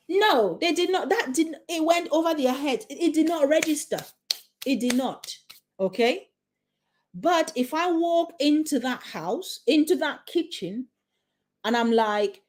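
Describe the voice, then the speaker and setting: Her voice sits high, animated and a little slow: a woman in her forties giving parents a motivational talk as a parenting coach. She repeats points emphatically, asks the listener questions, and checks in with "okay?".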